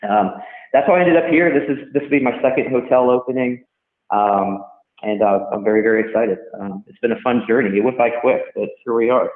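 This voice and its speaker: A man, a hotel general manager, talking casually in an interview, rambling with many restarts. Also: on the low side. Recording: tinny phone-line sound in an echoey room.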